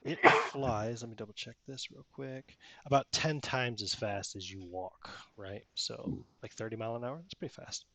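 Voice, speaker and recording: A man's voice: mid-range voice, normal speed, few pauses, fairly bright tone, no room sound. A man running a tabletop game as game master, narrating casually and rambling with many fillers.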